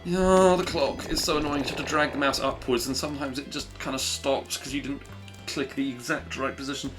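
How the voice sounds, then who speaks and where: A man's voice: medium pitch, steady tone, brisk. Guy rambling while he games on stream, mid voice, game music under him. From Britain. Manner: rambling, self-deprecating, chatty. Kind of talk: casual live-stream chatter while gaming.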